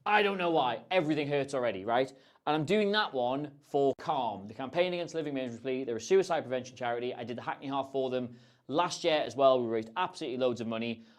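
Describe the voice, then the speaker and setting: A man's voice: mid-range voice, lively intonation, fast. A man hosting a casual livestream, answering viewer questions in a chatty, rambling, self-deprecating way. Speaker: host.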